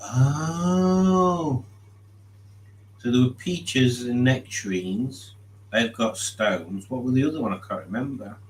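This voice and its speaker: A man's voice: mid-range voice, slow, a little hiss or hum. Chatty man streaming live. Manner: chatty, jokey, laughs often. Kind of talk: live stream reading chat aloud. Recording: roomy echo.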